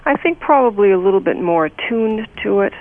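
Older american lady reminiscing on the phone, emotional, raspy, phone-quality sound. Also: medium pitch, expressive, fairly quick. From United States. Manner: earnest and emotional, with many restarts. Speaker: guest. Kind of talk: interview, personal recollection. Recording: tinny phone line.

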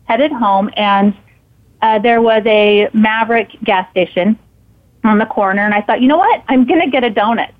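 A woman guest telling a personal story in casual conversation, animated and acting out her own thoughts in quotes. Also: medium pitch. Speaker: podcast guest and author. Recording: tinny phone-like line.

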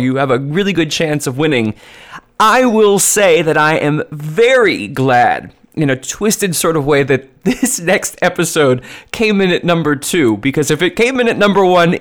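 A man hosting a podcast, introducing clips and interviewing a guest in a lively, animated way. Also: on the high side. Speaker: podcast host. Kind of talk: podcast countdown narration and interview.

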